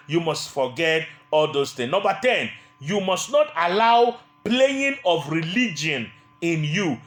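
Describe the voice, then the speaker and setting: A man's voice: sits high, a bit bright, echoey room. A man preaching a sermon, emphatic and repetitive, sometimes mimicking the people he criticizes.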